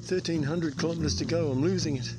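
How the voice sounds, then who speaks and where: Loud music sits behind a Kiwi hiker's fairly high, steady voice as he talks fast to the camera on a long bush trail. His vlog chatter is casual and self-mocking with some light swearing, and outdoor noise and insects fill the background.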